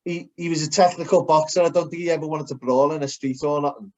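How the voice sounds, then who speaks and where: A man's voice: fairly high pitch, steady tone, fast, darkish tone. Laddish man, dull lo-fi audio. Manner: rambling, laddish, says "mate" and "lad" a lot. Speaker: podcast co-host. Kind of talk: casual sports podcast chat.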